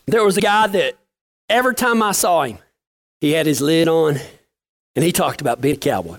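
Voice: medium pitch, animated, moderate pace, pauses often. A working cowboy telling stories casually, in a folksy, plain-spoken way with rural slang. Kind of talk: casual storytelling.

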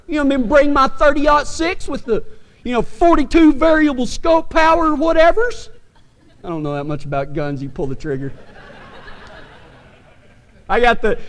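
A man with a Texan accent, a pastor from West Texas telling a folksy, animated story to his congregation. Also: high voice, in a large hall. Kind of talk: storytelling sermon.

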